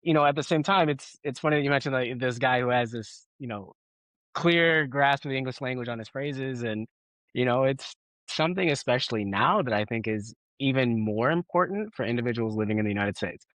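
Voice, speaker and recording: Measured man explaining policy. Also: medium pitch, a bit bright, dry recording. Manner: measured and explanatory, often checking with "right?". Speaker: guest, former immigration policy official. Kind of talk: interview answers.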